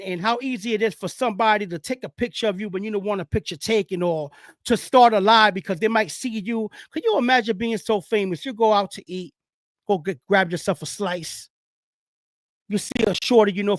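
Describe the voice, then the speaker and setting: Animated Bronx man ranting about sports. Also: sits high, dry recording, clean studio sound. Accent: New York (Bronx). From the Bronx, New York. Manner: animated, rambling, street slang, talks loud. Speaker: sports talk host. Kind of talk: casual live-stream sports talk.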